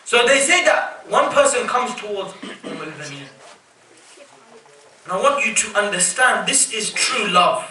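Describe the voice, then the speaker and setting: Male reciter from the UK, emotive mourning sermon, high voice, echoey hall, distant mic. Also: expressive, a little slow, pushed and bright, slight background noise. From United Kingdom. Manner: emotive, addresses the crowd as brothers and sisters. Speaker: religious reciter. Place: mosque hall.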